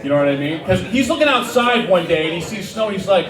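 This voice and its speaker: A middle-aged man doing a stand-up set in a small dive bar, talking in a rambling, self-deprecating way with halting restarts. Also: high-pitched, animated, recorded from a distance. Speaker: stand-up comedian. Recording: roomy bar sound from off-mic with audience. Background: crowd laughter.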